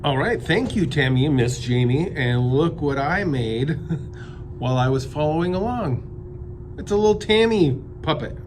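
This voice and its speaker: A man's voice: on the high side, lively intonation, measured pace. A man hosting a children's show in an easygoing, playful manner. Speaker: host of a kids' show.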